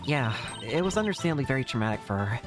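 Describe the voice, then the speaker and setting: A man's voice: mid-range voice, expressive, racing, music in the background, close to an everyday voice. A man voicing an upbeat young female defense attorney in a game, speaking in a raised, lighter voice. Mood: caring. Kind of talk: video game voice acting.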